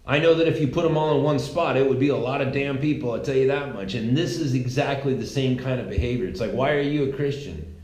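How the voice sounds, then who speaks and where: Male podcast host with a mid-pitched voice, rambling and sarcastic, recorded in an echoey room. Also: quick pace, hardly any pauses, a little mellow. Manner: rambling, sarcastic, full of restarts. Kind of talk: casual opinion monologue. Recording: roomy echo.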